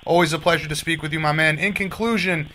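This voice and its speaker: A man's voice: on the high side, steady tone, fast, pushed and bright, a little hiss or hum. A man hosting a radio show, interviewing guests in an easygoing, friendly way and linking segments.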